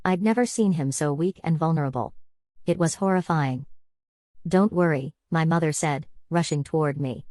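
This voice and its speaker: Low-voiced woman narrating an audiobook. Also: moderate pace, darkish tone, no room sound. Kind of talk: first-person scripted narration.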